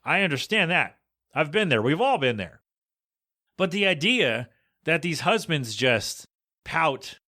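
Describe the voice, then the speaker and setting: A man's voice: mid-range voice, moderate pace. A man hosting a podcast, rambling casually through a story and acting out what people said. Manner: animated storytelling, acts out quoted voices. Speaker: podcast host.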